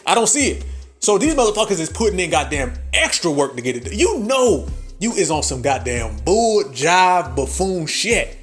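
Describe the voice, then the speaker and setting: A man's voice: a little high, very animated, normal speed, soft background music. A man hosting a podcast, delivering a brash, profane comedic rant full of laughter. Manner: brash, laughing, heavy swearing. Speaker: podcast host.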